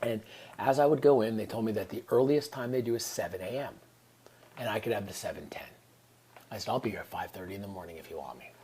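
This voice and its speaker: A man's voice: on the low side, quick pace, mellow, a little hiss or hum. A man, telling a personal story in an earnest, reflective way and often dropping into whispered asides. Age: 30s. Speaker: vlogger.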